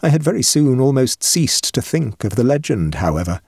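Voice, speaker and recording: Male audiobook narrator, husky, animated delivery, measured pacing. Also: mid-range voice, no echo, studio quality. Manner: measured and expressive. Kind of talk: scripted narration of a ghost story.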